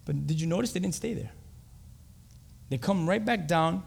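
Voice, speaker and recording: A man preaching a sermon, animated, acting out scenes and asking the congregation questions, in a reverberant hall. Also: fairly high pitch, normal speed, creaky, husky.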